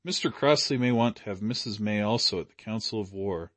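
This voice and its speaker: A man's voice: lowish voice, a little fast, a bit bright, no room sound, natural voice. A man reading an audiobook, voicing an old sea captain who speaks respectfully and formally. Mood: deferential. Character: deferential old sea captain, politely bold.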